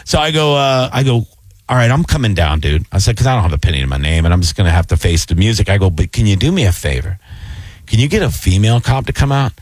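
A man telling a story in casual chat, animated and acting out the voices of both sides. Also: on the low side, quick pace, dry recording.

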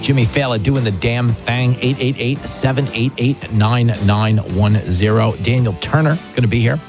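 A man's voice: mid-range voice, fairly even intonation, moderate pace, music in the background. A man hosting a talk radio show, chatting in a sarcastic, mocking way. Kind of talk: opinionated talk radio chat.

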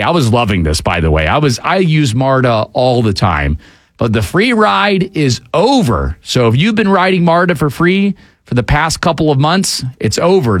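A man's voice: mid-range voice, no room sound. A man hosting a talk show, giving casual, opinionated commentary on the news with frequent fillers. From Atlanta area, USA.

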